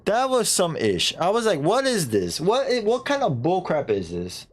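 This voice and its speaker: A man's voice: high-pitched, moderate pace. A male streamer talks casually over a let's-play at a desk mic. His voice climbs and dips a lot as he jokes at his own expense and tries out goofy voices. Faint game music plays underneath. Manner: animated, chatty, self-mocking, breaks into silly put-on voices.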